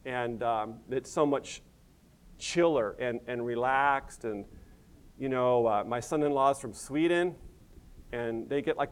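A man's voice: mid-range voice, smooth. A middle-aged American man, a pastor, preaching a sermon in a conversational, folksy way full of asides. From United States. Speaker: pastor and missions director.

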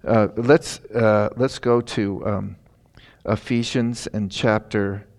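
A man's voice: lowish voice, steady tone, slow, darkish tone. A middle-aged man preaching a sermon in a folksy, storytelling way, with emphatic lines.

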